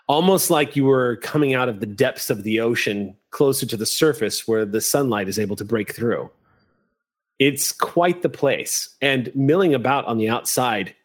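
A man narrating a tabletop role-playing game as game master, describing scenes in an unhurried way with the odd curse. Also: mid-range voice.

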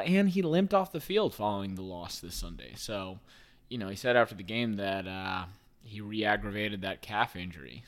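Low-voiced, joking man in his thirties. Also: a bit bright. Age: 30s. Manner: profane, rambling, joking. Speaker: podcast host. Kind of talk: casual sports talk.

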